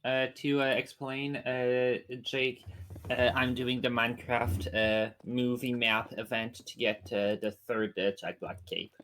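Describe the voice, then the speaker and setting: A man chatting casually over voice chat while gaming, halting often with filler sounds. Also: medium pitch, flat delivery, a bit bright, a little hiss or hum. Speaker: friend on voice chat.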